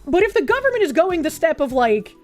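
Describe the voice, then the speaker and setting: A woman streamer chatting casually with her viewers, swearing freely and thinking out loud as she reads their messages. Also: very high-pitched, big pitch swings, brisk, faint music behind. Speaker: live streamer reading chat.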